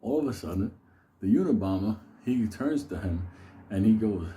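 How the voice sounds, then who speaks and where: A man's voice: fairly low pitch, animated, a little fast, mellow. A man telling a rambling, profane story in a casual way, often breaking into laughter. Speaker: host.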